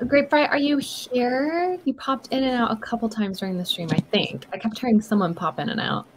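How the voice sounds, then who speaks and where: A woman's voice: on the high side, moderate pace, background noise. A woman hosting a writing livestream, chatting casually and playfully about her editing over a video call. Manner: chatty, playful, self-deprecating. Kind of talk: casual chat.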